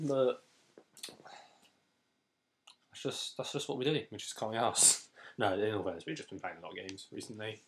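A man's voice: fairly low pitch, animated, moderate pace, pauses often, background noise. A young man casually commenting over a video game, jokey and rambling, laughing often. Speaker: let's play host.

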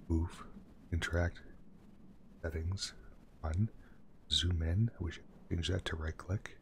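Gravelly low-voiced male streamer. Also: noisy background. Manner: jokey, reads on-screen text aloud, drops to a hush. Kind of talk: casual gameplay commentary.

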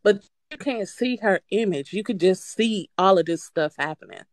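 A woman's voice: medium pitch, moderate pace, no room sound. Woman caller telling a creepy story, voice jumps all over, swears a lot, dry close sound. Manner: animated, swearing, breaks into nervous laughter. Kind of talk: casual storytelling.

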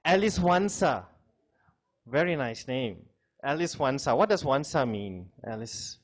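A man's voice: mid-range voice, lively intonation, unhurried. A man giving a classroom lecture, chatting with students, asking questions and laughing often.

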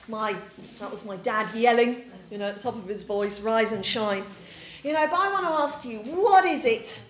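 A woman in her forties from Yorkshire, preaching a chatty, story-filled sermon and quizzing her congregation. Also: fairly high pitch. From Yorkshire, England. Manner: chatty, anecdotal, asks the congregation questions. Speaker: pastor. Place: church. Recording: echoey church room.

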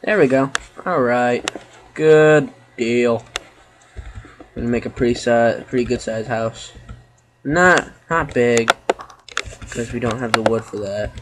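A man giving casual gameplay commentary, chatting to viewers with sudden loud exclamations and sarcastic asides. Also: mid-range voice, slow pace, long pauses, very noisy. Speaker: let's play gamer.

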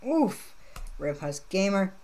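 A woman's voice: mid-range voice, big pitch swings, slow pace, a little mellow. A woman giving casual gameplay commentary, laid-back, laughing often and swearing casually. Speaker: gaming channel host.

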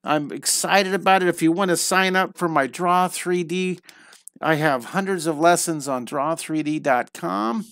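A man's voice: on the high side, measured pace, a bit bright, dry recording, clean studio sound. A man teaching a live online drawing lesson, chatting playfully and telling silly stories as he draws. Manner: playful, storytelling while drawing.

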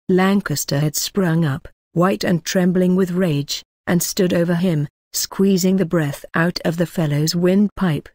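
A woman narrates a classic novel in a steady, measured reading. Her voice sits on the low side. The recording is close and dry. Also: no echo. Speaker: audiobook narrator. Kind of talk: scripted narration.

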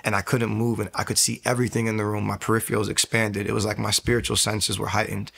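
Man, gravelly, fairly low voice, earnest, confessional testimony, interview guest. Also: little pitch movement, fast talker, a bit bright. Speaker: guest sharing a faith testimony. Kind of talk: personal testimony storytelling.

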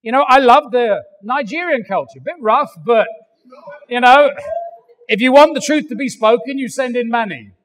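An older English man preaching a sermon, animated and joking, acting out little voices as he goes. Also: very high-pitched, moderate pace, big-room sound. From England. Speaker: pastor. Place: large church hall.

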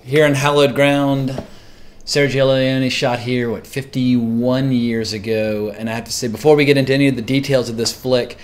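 A man's voice: medium pitch, flat delivery, normal speed, faint music behind. A man hosting a casual film discussion, talking enthusiastically and peppering his speech with "like". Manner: enthusiastic, filler-heavy. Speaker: host.

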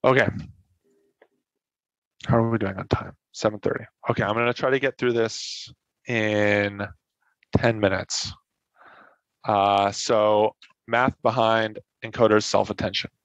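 A man's voice: on the low side, steady tone, measured pace, long pauses, no room sound, muffled recording. A man presenting a technical lecture at a meetup, explaining in a casual way, with frequent fillers and restarts as he corrects himself. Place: online meetup talk.

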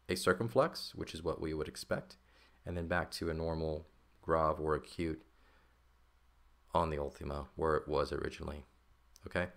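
A man with a notably deep, low-pitched voice walks through a grammar lesson at a steady teaching pace. He explains patiently, pausing to check understanding with frequent "okay?" and "right?". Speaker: Greek teacher. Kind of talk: recorded textbook lesson.

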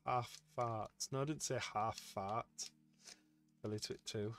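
A man live-streaming as he opens trading card packs, chatting excitedly with his viewers. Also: mid-range voice, takes it slowly, soft background music. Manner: excitable, chatty, talks to chat. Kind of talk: casual live-stream chat.

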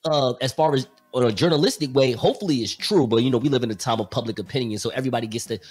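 A man's voice: mid-range voice, a little mellow, breathy edge, soft background music. Joking man in casual podcast talk. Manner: joking, loose slang, quick asides. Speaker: podcast host.

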